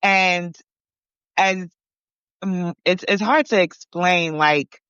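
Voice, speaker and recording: Rambling woman, smooth, lo-fi. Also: lowish voice, very slow, fairly bright tone, no echo. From Barbados and New York. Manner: rambling, lots of fillers and restarts. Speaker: podcast participant. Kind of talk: casual conversation. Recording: dull lo-fi.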